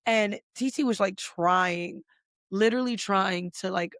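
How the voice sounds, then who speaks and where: Here a podcast host with a mid-range, fairly bright voice talks a little slowly through a casual pop culture recap. The rant is blunt and profane and heavy with "like" fillers, recorded clean in a studio with no room sound.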